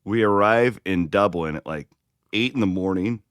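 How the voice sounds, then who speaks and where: A middle-aged man with a very low voice chats casually as a sports podcast co-host. He talks loosely, often restarting his sentences and poking fun at himself. The sound is dry and close to the mic. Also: moderate pace, fairly bright tone, clear, resonant tone, no room sound. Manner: chatty, self-deprecating, frequent restarts.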